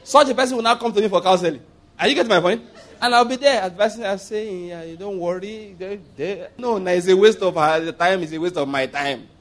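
A man's voice: high voice, fairly quick, a bit bright. A Nigerian man preaching a sermon in church, telling stories, repeating phrases for emphasis and leading the congregation in declarations. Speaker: pastor.

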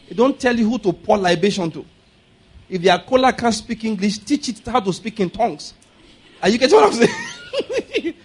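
High-voiced pastor preaching. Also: male voice, husky. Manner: humorous, laughing asides, leads congregation in declarations. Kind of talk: sermon with call-and-response.

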